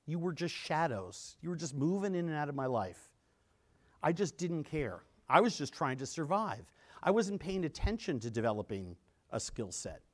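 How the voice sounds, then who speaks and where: A man's voice: a little high, moderate pace. A middle-aged man telling a story on stage at a conference and acting out the quotes. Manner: animated storyteller, acts out quotes. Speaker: conference speaker.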